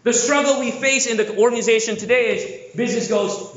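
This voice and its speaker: A man from the Philippines giving an energetic, jokey conference keynote, often asking the audience questions. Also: very high-pitched, a little fast. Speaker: keynote speaker. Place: large conference hall. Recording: echoey hall, dull lo-fi sound.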